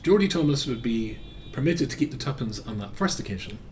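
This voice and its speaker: A man, a rabbi teaching a lesson as an animated storyteller, full of filler words. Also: mid-range voice, a little fast, a little hiss or hum.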